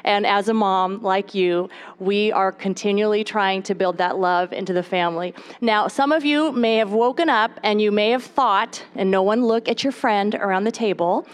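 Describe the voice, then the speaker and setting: A woman's voice: on the high side, clear, resonant tone. A woman in her thirties from the United States, giving a live talk to a moms' group from a podium and chatting straight to the audience. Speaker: speaker at a moms' gathering. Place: stage at a podium.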